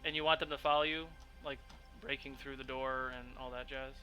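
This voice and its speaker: A man's voice: mid-range voice, flat delivery, fairly quick, music in the background, poor audio. A man narrating a tabletop game as game master, describing scenes loosely with lots of fillers.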